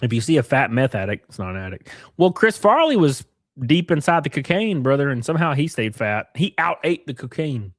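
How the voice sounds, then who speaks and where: A man's voice: medium pitch, big pitch swings, brisk, dry recording, studio quality. Crude joking man streaming. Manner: crude, joking, laughs often. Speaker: livestream host. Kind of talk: casual live-stream chat reading viewer comments.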